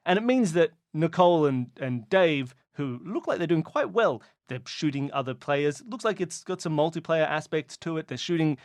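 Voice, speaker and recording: A man narrating a mystery game as game master, describing scenes in a lively, playful way. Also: on the high side, moderate pace, hardly any pauses, no echo, clean studio sound.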